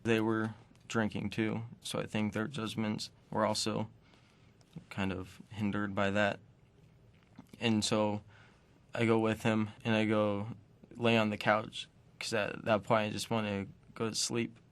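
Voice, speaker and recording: Man in flat, pausing testimony. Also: fairly low pitch. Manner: quiet, pausing, fragmented. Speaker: interviewee recounting a personal experience. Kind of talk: personal testimony.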